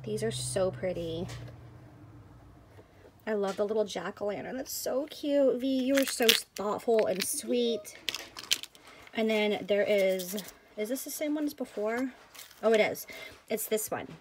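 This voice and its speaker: A woman vlogger chatting excitedly to viewers as she unboxes a package of craft supplies. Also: medium pitch, measured pace, pauses often, noisy background. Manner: gushing, excitable, addresses viewers as you guys. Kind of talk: casual unboxing chat.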